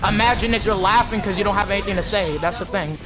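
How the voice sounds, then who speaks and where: Give me a high-pitched man ranting at another player in voice chat, repetitive and combative. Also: fast, music in the background. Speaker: gaming YouTuber. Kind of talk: heated voice-chat argument and commentary.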